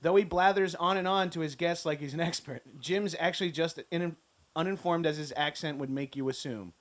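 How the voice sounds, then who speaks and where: A man's voice: a little high, brisk. A man in his thirties with a Long Island accent, hosting a podcast and reading listener reviews aloud with lots of laughter and mock indignation. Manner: laughs often, mock-indignant, self-mocking. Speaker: podcast host.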